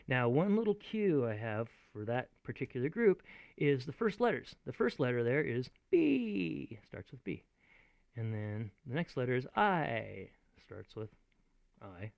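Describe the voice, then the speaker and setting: A man teaching in a chatty, animated way, often laughing as he explains. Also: mid-range voice, a little slow, vocal fry, no room sound, highs cut off. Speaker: acting teacher. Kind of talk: video lesson.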